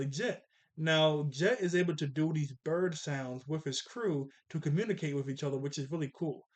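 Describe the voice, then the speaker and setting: Animated man recapping a cartoon. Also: a little high. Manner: animated, acts out character lines in jokey voices. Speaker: cartoon reviewer. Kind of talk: casual episode recap.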